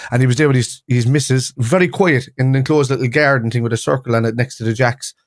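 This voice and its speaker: A man's voice: mid-range voice, fast, dry recording, studio quality. A man with a Cork Irish accent, co-hosting a casual football chat and telling rambling stories. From Cork, Ireland. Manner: rambling, anecdotal storytelling. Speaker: podcast co-host.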